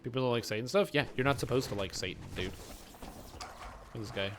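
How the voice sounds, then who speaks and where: A man's voice: mid-range voice, fast talker, background noise. A man from Canada streaming a game and chatting casually, sarcastic and rambling as he answers chat. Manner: sarcastic, rambling, mocking quoted voices.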